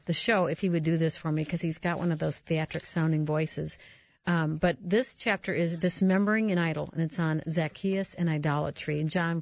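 A woman hosting a radio talk show, brisk and guiding. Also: lowish voice, dry recording, muffled recording.

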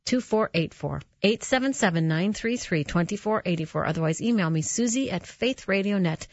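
A woman's voice: mid-range voice, lively intonation, fairly quick, darkish tone, dry recording. A woman hosting a Christian radio talk show, telling personal stories in an earnest, conversational way with restarts. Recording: dull, slightly muffled radio audio.

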